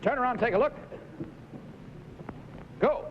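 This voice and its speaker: High-voiced, encouraging 1950s game show host. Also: male voice. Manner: brisk, encouraging, chatty with contestants. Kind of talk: live TV game show patter. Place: TV studio stage. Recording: lo-fi hissy 1950s TV broadcast.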